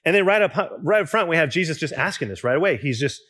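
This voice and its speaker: A young man preaching a sermon in a relaxed, conversational way, with restarts and asides to the congregation. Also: fairly high pitch, fast talker. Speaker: pastor.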